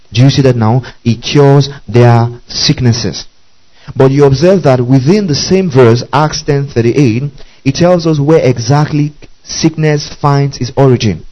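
A man's voice: medium pitch, mellow, lo-fi sound. A man preaching a teaching sermon, repeating key phrases, spelling words letter by letter and often asking listeners if they follow. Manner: frequent checking questions to listeners.

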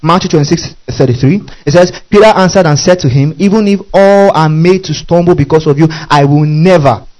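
A man's voice: on the high side, brisk, hardly any pauses, a little mellow, poor audio. A man preaching a sermon, often asking the audience questions and laughing between phrases.

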